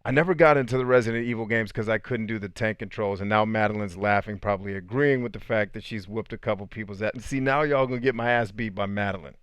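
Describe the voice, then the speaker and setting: A man hosting a casual livestream, chatting with viewers in an animated, joking way and swearing freely. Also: lowish voice, quick pace, few pauses, clean tone, no room sound. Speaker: podcast host answering live chat.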